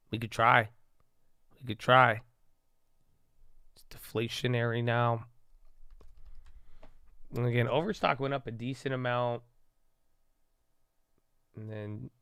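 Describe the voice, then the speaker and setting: A man's voice: medium pitch, creaky, bright, forceful tone, clean tone, dry recording, clean studio sound. A man streaming casual live market commentary, rambling and mumbling in a slangy way. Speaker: stock-trading streamer.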